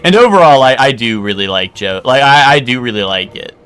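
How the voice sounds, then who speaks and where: A man's voice: medium pitch, animated, brisk, sharp tone, clear, resonant tone, no room sound. A young man streaming live, chatting casually in a rambling way, full of filler words and restarts and casual swearing. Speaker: game streamer.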